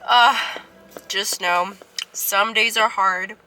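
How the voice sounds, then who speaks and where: A woman's voice: mid-range voice, fairly even intonation, drawn-out words, sharp tone, faint music behind, low-quality recording. A young woman in her twenties talking to her phone camera in a car, chatty and rambling, emotional and close to tears. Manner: chatty, rambling with many "like" fillers. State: tearful, emotional. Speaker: vlogger. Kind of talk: casual vlog talk to camera.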